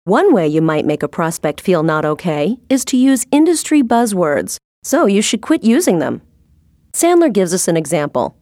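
A woman with a low voice narrates a sales training script, clear and explanatory. Her delivery moves with a lively melody, and the recording is dry and close, with no room sound. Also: normal speed, no echo.

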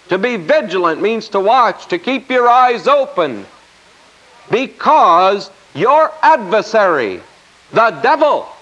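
A man delivers a folksy, emphatic sermon, leaning on repeated scripture phrases. His voice sits high and swings widely in pitch. The recording is dull and lo-fi. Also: fairly bright tone. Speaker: preacher.

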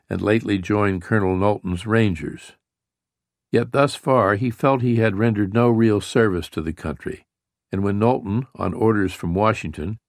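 A man reading a history book aloud in a measured, even storytelling manner. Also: on the low side, no echo, clean studio sound. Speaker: audiobook narrator. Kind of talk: scripted history narration.

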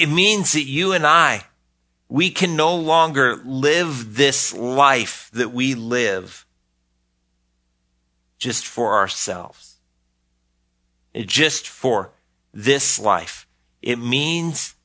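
Slow, bright-voiced male pastor preaching. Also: mid-range voice. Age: older. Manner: earnest, repeats words when starting phrases. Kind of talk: sermon.

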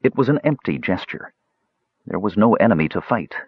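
A man reading a fantasy novel aloud as an audiobook narrator, with expressive storytelling. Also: fairly low pitch, fairly quick, slightly rough, no echo, dull audio.

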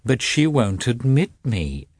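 A man voicing a charming gentleman, guilty and mournful, speaking briefly and evasively in a husky voice. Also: mid-range voice, very animated, slow pace, dry recording, studio quality, full character voice.

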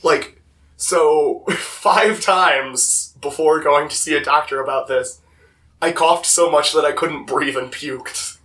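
A young man with a slightly hoarse voice, telling stories casually on a podcast with lots of "like". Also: a little high, slow, bright, forceful tone. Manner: rambling, lots of "like". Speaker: podcast co-host. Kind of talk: casual storytelling chat. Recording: voice distant from the mic.

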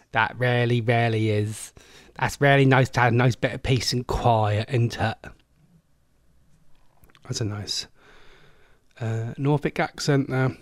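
A man's voice: medium pitch, dry recording, clean studio sound. An English man hosting a casual online radio phone-in, rambling and chatting, often breaking off mid-sentence. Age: adult, a former smoker. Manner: chatty, rambling, self-interrupting. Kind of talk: casual solo radio chat.

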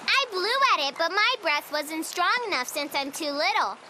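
A woman's voice: very high-pitched, moderate pace, a little hiss or hum, heavily acted. A woman voicing a cheerful, curious little girl in a cartoon, with music behind her. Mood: wondering. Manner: bubbly, wondering, excitable.

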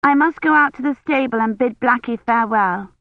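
A woman reading an audiobook voices an eager, bossy little noble girl in a high childlike tone. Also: a little fast, no echo, lightly acted. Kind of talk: audiobook character voice. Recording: tinny phone-like sound, dry.

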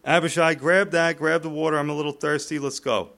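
A man's voice: on the high side, brisk, vocal fry. A man voicing a young male warrior in bold, casual modern words while retelling a story. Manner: plainspoken, excited modern paraphrase.

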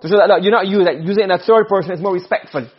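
A male teacher gives a lesson at a brisk pace, often stopping to ask the class whether they follow. His voice sits high and sounds husky. The recording is dull and lo-fi. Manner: explains with repeated questions to students.

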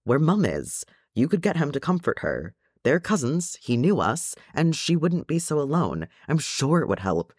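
A man's voice: fairly low pitch, very animated, unhurried, dry recording, studio quality, heavily acted. A man reading aloud, voicing an anxious, grieving young male dwarf who pleads in a slightly raised voice. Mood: eager. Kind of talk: audiobook fan reading.

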